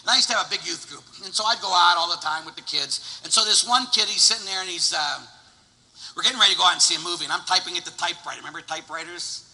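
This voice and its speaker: A priest in his forties preaching a lively sermon, swinging from loud exclamations to hushed storytelling. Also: sits high, rapid-fire. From Pittsburgh, USA. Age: 40s. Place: church. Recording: long church reverb.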